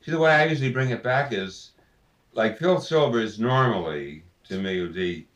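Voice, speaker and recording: A man, a voice actor, telling anecdotes in an interview in an animated way, slipping into voices. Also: medium pitch, moderate pace. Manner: animated storyteller, slips into voices. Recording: roomy, distant mic.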